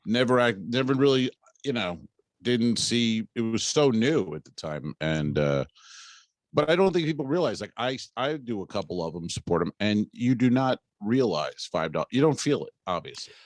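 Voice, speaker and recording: A man's voice: lowish voice, expressive, moderate pace, no room sound. A man co-hosting a comedy podcast, grumbling dryly and rambling as he talks. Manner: dry, grumbling, rambling with fillers. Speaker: podcast co-host. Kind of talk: casual comedic podcast banter.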